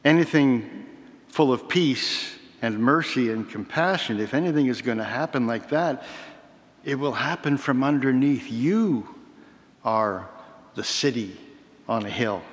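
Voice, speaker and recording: A man preaching a sermon in a measured, reflective way, with slow emphatic pauses. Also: mid-range voice. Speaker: pastor. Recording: reverberant hall.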